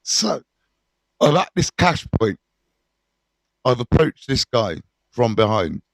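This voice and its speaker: A man's voice: medium pitch, slow pace, vocal fry, dry recording. Candid man telling his story. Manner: candid, animated, swears freely, many fillers. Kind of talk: casual storytelling to camera.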